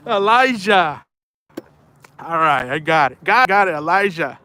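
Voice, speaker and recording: Man, young adult, fishing live stream, playful, slightly high voice, clean tone. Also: lively intonation, measured pace, sharp tone, clean tone. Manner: playful, laughs often, reads chat aloud. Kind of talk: casual live-stream chat. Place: outdoors at night by the water.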